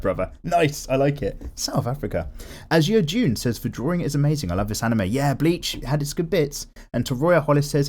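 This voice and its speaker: A young man with a casual, animated manner, chatting while he draws and swearing freely as he goes. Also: medium pitch. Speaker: art vlogger. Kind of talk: casual chat while drawing.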